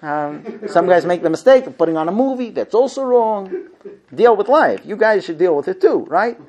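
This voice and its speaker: Animated male lecturer, lively pitch. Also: normal speed. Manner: animated, acts out dialogues, rhetorical questions. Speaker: rabbi lecturing on marriage.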